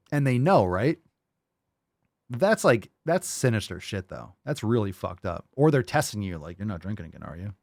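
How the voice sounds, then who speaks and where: A man's voice: medium pitch, darkish tone, no room sound, clean studio sound. Blunt profane male fitness host. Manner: blunt, profane, mocking put-on voices. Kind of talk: livestream chat reading comments.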